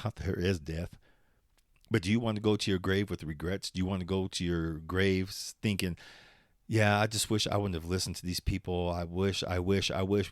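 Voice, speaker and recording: With a deep voice and clean, echo-free studio sound, a man runs his own podcast solo, drifting through profane, rambling talk punctuated by laughter and now and then turning into motivational encouragement.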